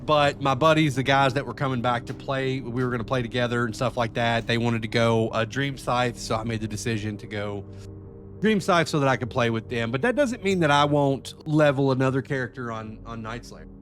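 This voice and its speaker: Profane, excitable man streaming a game. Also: medium pitch, brisk, a little hiss or hum. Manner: profane, excitable, talks to chat. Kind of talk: live-stream gameplay chat.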